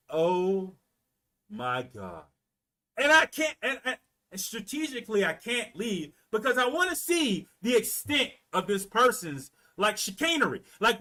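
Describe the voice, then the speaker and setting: A man from Florida telling a story in a casual, animated rant, full of profanity and repeated words. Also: high voice. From Florida, US South. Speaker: commentator.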